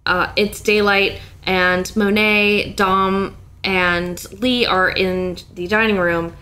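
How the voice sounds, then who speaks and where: A woman's voice: medium pitch, steady tone, slow, bright, forceful tone. A woman co-hosting a casual podcast, recapping a TV episode with enthusiasm, jokes and the odd swear word. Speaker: podcast co-host.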